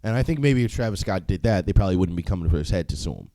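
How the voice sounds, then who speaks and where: A man's voice: deep voice, lively intonation, racing, mellow, no echo. A young man hosting a solo podcast, talking casually in a profane, rambling way, with frequent laughs and filler words. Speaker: podcast host.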